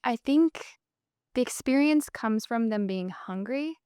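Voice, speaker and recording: A woman with a Minnesota accent talks as an upbeat podcast guest, her fairly high voice smooth and resonant. She tells her story fluently, leaning on "um" and "and so" as she goes, in a dry, close-miked sound. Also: animated, measured pace, mellow, no room sound. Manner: upbeat, fluent storytelling with frequent 'um' and 'and so'. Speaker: podcast guest, business co-founder. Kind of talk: casual interview conversation.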